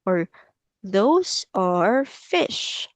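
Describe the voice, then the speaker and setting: Woman, english tutor, very slow careful speech, patient, repeats words, dry close sound. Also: mid-range voice, very animated, no echo. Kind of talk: online English lesson for a child.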